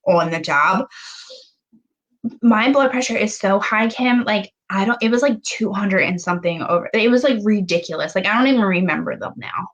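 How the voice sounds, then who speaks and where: A young woman recounts a personal story as a podcast guest. She talks fast and chatty, with many "like" fillers, at a mid pitch. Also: a bit bright, poor audio.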